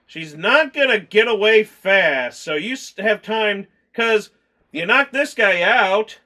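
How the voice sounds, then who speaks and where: A man's voice: sits high, lively intonation, takes it slowly, sharp tone. A man chatting casually through a movie review, rambling and acting out scenes in mock voices. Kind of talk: casual film review chat.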